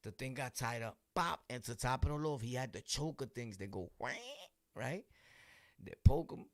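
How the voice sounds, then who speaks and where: A man's voice: medium pitch, moderate pace, dry recording. A man with a Brooklyn accent casually telling a street story, full of slang and laughing asides. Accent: New York, Brooklyn. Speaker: vlog host.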